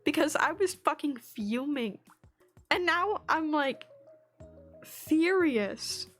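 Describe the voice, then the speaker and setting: High-pitched woman ranting and swearing. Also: expressive, slow pace, fairly bright tone, faint music behind. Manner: swears a lot, angry ranting storytelling; laughs often between lines. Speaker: streamer. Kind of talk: casual chat stream. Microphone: streaming mic.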